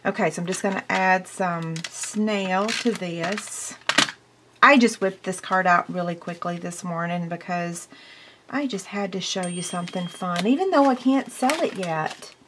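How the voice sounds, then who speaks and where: Chatty, excitable American woman crafter. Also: fairly low pitch, unhurried, noisy background. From United States. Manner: chatty and excitable, talks while working. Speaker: craft demonstrator. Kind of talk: hands-on crafting tutorial.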